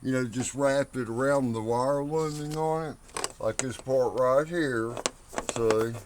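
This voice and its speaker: Casual home mechanic, male, slow unhurried delivery, a bit winded, phone-recorded outdoors with faint background noise. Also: mid-range voice. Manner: slow, rambling, talks while working. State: out of breath. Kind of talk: casual how-to video. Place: outdoors by a truck engine.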